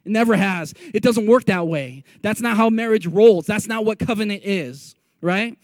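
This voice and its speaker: A man preaching a sermon in a lively, conversational way, joking with his audience and prompting them to repeat phrases back to him. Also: high-pitched, moderate pace, no echo. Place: meeting room with a live audience.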